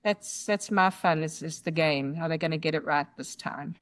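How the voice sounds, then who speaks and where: A woman with a South African accent, a guest telling lively anecdotes in conversation, with emphatic lists and occasional laughter. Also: sits low, normal speed. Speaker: guest author. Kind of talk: conversational storytelling.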